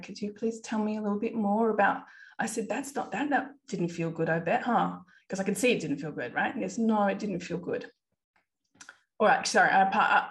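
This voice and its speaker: A woman in her thirties hosting a podcast, earnestly retelling a distressing family episode with quoted dialogue. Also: fairly low pitch. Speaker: podcast host and parent. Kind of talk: personal storytelling monologue.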